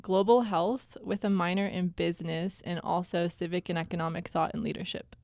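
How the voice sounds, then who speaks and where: A woman's voice: lowish voice, fairly even intonation, brisk, a little mellow, dry recording, studio quality. A young woman in her twenties from Wisconsin, a college missionary, talking in a cheerful, upbeat way and laughing easily. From Wisconsin suburbs. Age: 20s. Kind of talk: casual interview.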